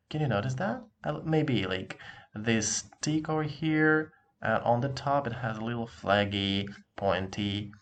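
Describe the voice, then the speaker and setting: A man's voice: on the low side, creaky. A man teaching a language lesson, patiently drilling each sound several times and asking the listener to repeat after him.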